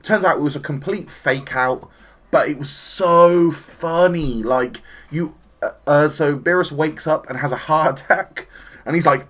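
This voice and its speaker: A man reviews an anime episode in a casual, excited spoken style, chatty and animated, occasionally performing the characters' lines. His voice is on the high side and he speaks a little slowly.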